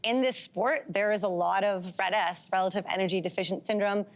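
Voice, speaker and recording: A woman's voice: mid-range voice, steady tone, a little fast. A woman in her forties from Canada, a guest on a talk show, talking candidly with frequent fillers. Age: 40s. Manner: candid, chatty, with frequent um fillers and light laughs. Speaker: guest, pro distance runner.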